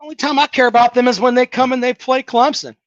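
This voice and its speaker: A man's voice: extremely high pitch, steady tone, quick pace, fairly bright tone, no echo, muffled recording. A man hosting a casual sports talk livestream, reading chat comments and mocking them bluntly with plenty of swearing. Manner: blunt, sarcastic, swears freely, mocks callers' takes.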